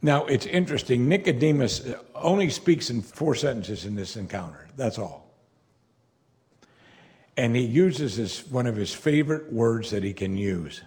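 Speaking a little slowly in a mid-range voice, a man preaches an expository sermon as if chatting. Now and then he dramatizes the characters' words with a playful, animated touch.

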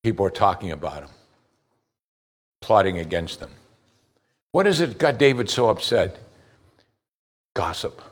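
A man delivering a sermon with a lot of movement in his voice. He climbs high and loud on dramatic moments, then sinks low and slow when he reads scripture. He puts direct questions to his listeners. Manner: animated preaching, rising loud on high points, dropping low and slow for scripture. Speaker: pastor.

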